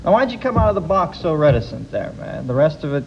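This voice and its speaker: A man hosting a late-night talk show, bantering with a guest in a fast, wisecracking, slangy way. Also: a little high, sing-song, soft background music. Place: TV studio. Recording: dull early 90s TV audio with loud audience.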